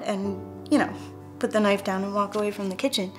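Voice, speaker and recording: Woman, medium pitch, quiet, candid documentary testimony with soft music under it. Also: steady tone, moderate pace. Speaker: mother sharing her story.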